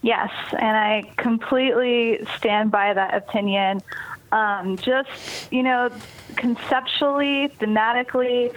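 A woman's voice: fairly high pitch, slight background noise, low-quality recording. A woman guest explaining her work in marketing, friendly and articulate with casual fillers. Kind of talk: casual interview.

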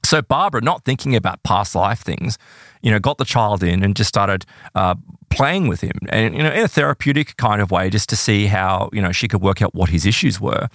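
Animated man telling a story. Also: fairly quick, dry recording, studio quality. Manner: animated, acts out quoted voices with big pitch jumps. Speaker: podcast guest telling case stories. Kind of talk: casual storytelling conversation.

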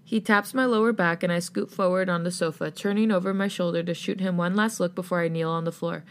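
Low-voiced woman narrating fan fiction. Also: steady tone, quick pace. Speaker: podcast host. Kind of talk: reading fan fiction aloud.

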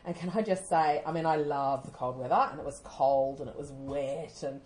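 An Australian woman co-hosting a podcast, telling stories in a casual, animated way and often laughing as she talks. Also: low voice, normal speed, hardly any pauses. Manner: animated storytelling, often laughing mid-sentence. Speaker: podcast co-host.

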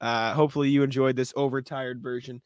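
A man co-hosting a casual sports podcast, telling animated stories with plenty of swearing and laughter. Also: mid-range voice, fast talker, clear, resonant tone, no echo. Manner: animated storytelling, swears freely, laughs often. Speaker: podcast co-host. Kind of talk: casual chat.

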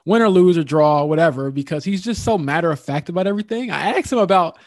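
A man recounting locker-room interviews as a sports reporter, in casual podcast talk with an animated storytelling manner. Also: fairly high pitch, fast talker, no room sound, studio quality.

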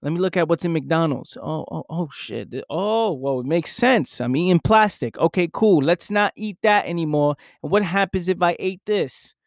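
A man's voice: a little high, expressive, moderate pace, hardly any pauses, dry recording, clean studio sound. Intense young man giving a pep talk. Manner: intense, acts out his own past inner voice. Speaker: motivational speaker. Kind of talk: motivational monologue.

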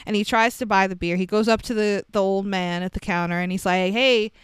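A woman's voice: medium pitch, flat delivery, brisk, clear, resonant tone. A woman casually recapping a movie plot in a wry, chatty way, laughing often. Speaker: podcast co-host.

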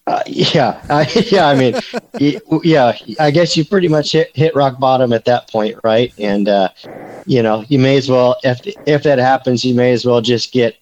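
This recruiting beat reporter co-hosts a laid-back sports podcast at a moderate pace, his mid-range, darkish voice holding a fairly even intonation. The recording is low quality, and he rambles, leaning on fillers and restarting often.

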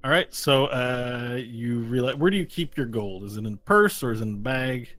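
A man's voice: mid-range voice, expressive, normal speed, fairly bright tone. A man narrating as game master of a tabletop game, rambling with frequent restarts. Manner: rambling, restarts often, laughs along.

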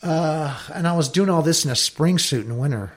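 A middle-aged man from Southern California, a podcast guest telling animated, profane stories and acting out what others said. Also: fairly high pitch, moderate pace. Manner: animated, swears freely, acts out quotes. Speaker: podcast guest, dive company owner. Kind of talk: casual storytelling interview.

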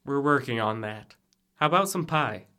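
A man's voice: mid-range voice, animated, normal speed, bright, forceful tone. A young man playing a wry frat brother. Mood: dry. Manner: dry, sarcastic quips. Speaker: student actor in audio drama. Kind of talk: college audio theater acting.

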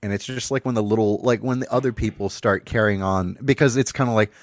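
A man's voice: on the low side, steady tone, fast talker, no echo, studio quality. A young man in casual chat, explaining things with crude jokes and asides.

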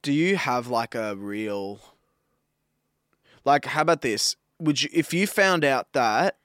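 A young Australian man in his twenties, bantering on a podcast with crude jokes. He talks at a middle pitch, close to the mic. The sound is dry, with no room echo. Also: animated, slow, fairly bright tone. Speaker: podcast co-host. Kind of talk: casual chat.

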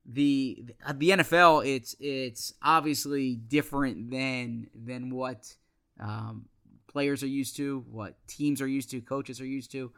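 Bright-voiced man explaining football news. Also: mid-range voice, steady tone, clear, resonant tone. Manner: measured, many restarts and fillers. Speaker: sports podcast co-host. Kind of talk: casual sports podcast chat.

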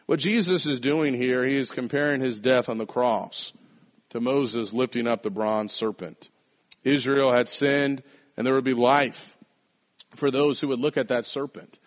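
Male preacher, mid-pitched, deliberate emphatic delivery with slowed stressed phrases; muffled lo-fi recording. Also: steady tone. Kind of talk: sermon. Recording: dull lo-fi sound.

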